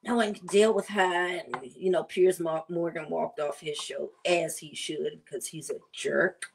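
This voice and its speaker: A woman food vlogger chatting casually while she prepares and tastes seafood, savoring and drawn-out in her talk. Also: sits low, steady tone, vocal fry, slightly rough. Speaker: cooking vlogger. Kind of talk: casual chat while cooking.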